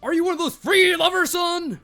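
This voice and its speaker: A man voicing a gruff, pompous male drill sergeant major who barks commands and sneers insults at cadets while reading a visual novel on stream. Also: very high voice, a little fast, pushed and bright, faint music behind, pitched above the performer's own voice, exaggerated voice. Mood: barking.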